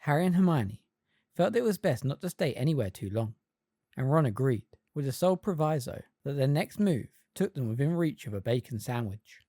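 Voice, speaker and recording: A fan reader narrating an audiobook with expressive storytelling. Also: medium pitch, brisk, dry recording, studio quality. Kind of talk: scripted narration.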